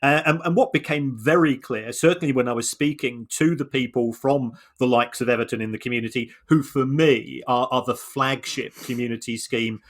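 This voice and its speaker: Man, podcast co-host, middle-pitched voice, halting delivery, stop-start explaining. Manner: halting, frequent restarts and repeated words; measured, explanatory. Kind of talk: conversational analysis.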